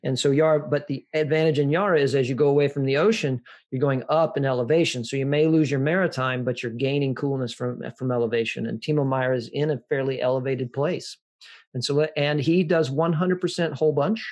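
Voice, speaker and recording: A man's voice: medium pitch, fairly even intonation, a little fast, darkish tone. Man hosting a wine tasting. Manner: explanatory, conversational, addresses listeners. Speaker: host.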